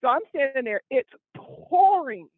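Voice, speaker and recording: Breathless high-voiced woman on a phone. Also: measured pace, slight background noise. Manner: vivid, animated storyteller. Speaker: co-host. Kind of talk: casual phone chat. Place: outdoors walking in the mountains. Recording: tinny dry phone line.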